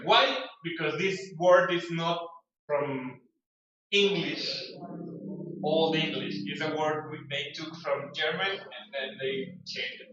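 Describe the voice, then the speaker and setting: A man teaching English, drilling pronunciation with brisk corrective commands in a classroom. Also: a little high, bright, forceful tone. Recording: echoey room, distant dull mic.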